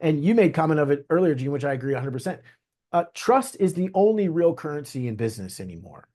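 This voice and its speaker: A man from Southeast Virginia, a realtor guest on a podcast, telling stories in an earnest, animated way. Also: fairly high pitch, fast. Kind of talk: conversational interview.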